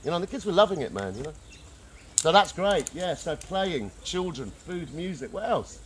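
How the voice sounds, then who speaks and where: A man giving an informal talk to a group, animated and slangy, often calling people man and dude. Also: a little high, moderate pace, slight background noise. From England. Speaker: workshop speaker. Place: outdoor gathering in the countryside.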